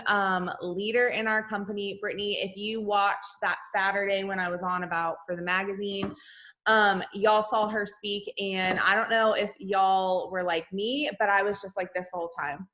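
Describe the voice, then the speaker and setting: A woman's voice: mid-range voice, normal speed. A woman hosting a motivational team call from home on a laptop, talking emphatically and calling her listeners "y'all". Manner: energetic, emphatic, Southern-style "y'all" address. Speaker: host of a team video call. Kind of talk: motivational pep talk. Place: home, indoors. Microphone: laptop video call.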